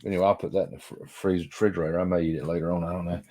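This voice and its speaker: Guy, kinda low voice, middle-aged, rambling on and chatting with viewers while opening stuff. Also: flat delivery, very fast, background noise. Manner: rambling, folksy, talks to viewers by name. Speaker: vlogger. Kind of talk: casual chat while unboxing.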